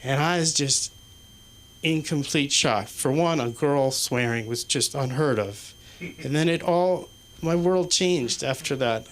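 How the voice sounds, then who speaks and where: Halting, swearing male stand-up comic. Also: on the high side, a little hiss or hum. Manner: halting, rambling, swears constantly. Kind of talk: stand-up set. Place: small comedy club stage.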